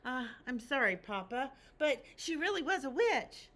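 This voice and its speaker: A woman voicing an excitable little red chick in a picture book read-aloud, eager and pleading. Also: high voice, normal speed.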